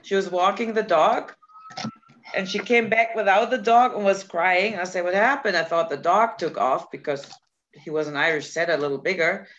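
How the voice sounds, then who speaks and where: A woman chatting casually, telling a story with lots of laughter and lively acted-out quotes. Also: on the low side, moderate pace. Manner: animated storytelling, laughs often. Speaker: guest. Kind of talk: casual chat. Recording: dull lo-fi sound, faint noise.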